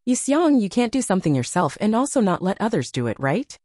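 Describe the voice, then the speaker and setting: A woman's voice: medium pitch, big pitch swings, a little fast, a little mellow, dry recording, studio quality, pitched above the performer's own voice. A woman voicing a bold, cheeky young heroine in an audiobook. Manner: cheeky, arrogant. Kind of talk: audiobook character voice.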